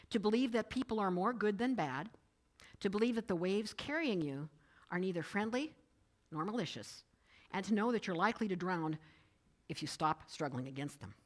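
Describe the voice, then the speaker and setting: A woman giving a conversational church message, telling personal stories and quoting others. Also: medium pitch. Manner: storytelling, animated, quoting others in changed voices. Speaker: speaker giving a Sunday message. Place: church sanctuary.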